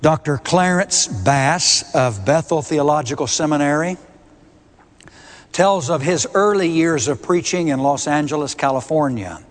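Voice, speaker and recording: Slow, emphatic preacher in echoing hall. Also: male voice, a little high. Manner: emphatic, deliberate, repeats key words. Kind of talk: sermon. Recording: long reverb of a large hall.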